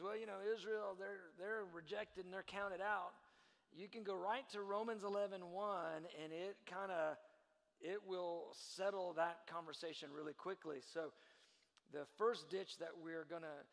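A man preaching a sermon, building from quiet teaching to loud, emphatic delivery. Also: a little high, gravelly, long reverb tail. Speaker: pastor.

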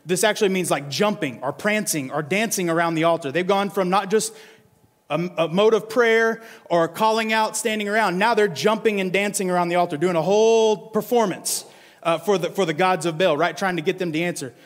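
A male pastor with a fairly high voice preaches a casual, animated sermon from scripture. He keeps checking in with his listeners by asking "right?". His voice carries a long reverb, as in a large hall. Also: brisk.

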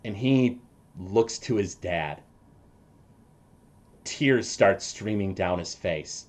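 A male game master narrates a tabletop game in a low voice. He tells the story slowly and without hurry. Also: expressive.

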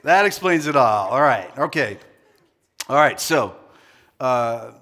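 A man's voice: medium pitch, expressive, slow pace, pauses often, bright, forceful tone. A male pastor preaching to a live congregation, playful and joking, drawing the crowd into call-and-response before turning earnest. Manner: shifts from jokey banter to earnest preaching. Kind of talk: sermon. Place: church hall with a live congregation.

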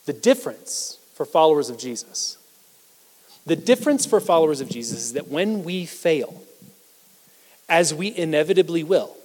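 A man preaching a sermon as pastor, talking conversationally and self-deprecatingly, swinging between loud emphasis and hushed asides. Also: on the high side. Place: church sanctuary. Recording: reverberant church hall.

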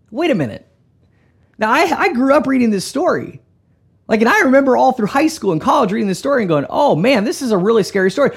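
Gravelly, husky male preacher. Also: extremely high pitch. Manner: animated, emphatic preaching with sudden soft drops. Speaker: pastor. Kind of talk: sermon.

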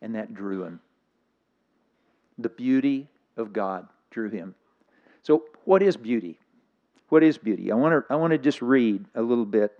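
Older man preaching, low and emotional. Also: darkish tone, muffled recording. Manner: reflective, emotional, slightly weepy. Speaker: guest preacher. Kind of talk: sermon.

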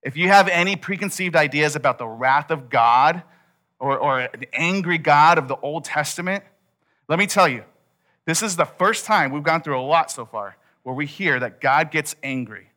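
A man preaching a sermon, retelling a story with animated asides and acted-out quotes. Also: fairly high pitch, moderate pace. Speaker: pastor.

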